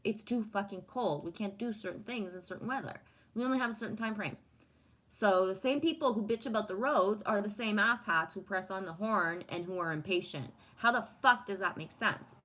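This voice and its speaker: A woman's voice: mid-range voice, brisk, a bit bright, rough recording. A woman from Canada chatting casually on a livestream, rambling and swearing freely while reading and answering comments. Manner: profane, rambling, talks to chat. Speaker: livestream host.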